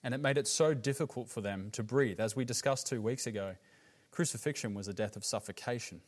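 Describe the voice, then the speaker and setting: Earnest Australian pastor preaching. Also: male voice, fairly quick. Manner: earnest, emphatic, drops low on grave words. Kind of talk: sermon.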